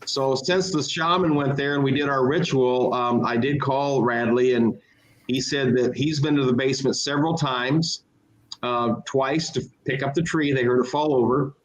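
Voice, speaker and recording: A man's voice: mid-range voice, steady tone, normal speed, low-quality recording. A man recounting events plainly in a casual chat. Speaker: paranormal investigator guest.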